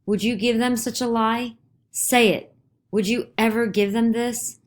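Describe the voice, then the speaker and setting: A woman's voice: on the high side, fairly even intonation, unhurried, voice pushed up, natural voice. A woman voicing an anguished, defiant middle-aged male farmer in a dramatized play reading, with pained, raised delivery.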